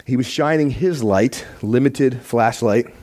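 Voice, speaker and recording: A man's voice: medium pitch, a little slow, warm tone. A man teaching a sermon on the teaching team in an earnest, emphatic way. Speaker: church teacher.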